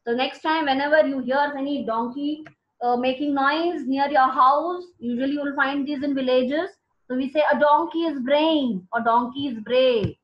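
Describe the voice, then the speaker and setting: A woman teaches a classroom vocabulary lesson, speaking slowly and patiently repeating key words for her students. Her voice is high, and the lo-fi recording sounds dull.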